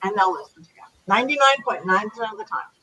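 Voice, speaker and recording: A woman being interviewed as a psychic medium, chatting in a lively, animated way over a video call. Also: mid-range voice, fast, poor audio. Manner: chatty, animated, acts out commands to spirits. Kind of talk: casual interview chat.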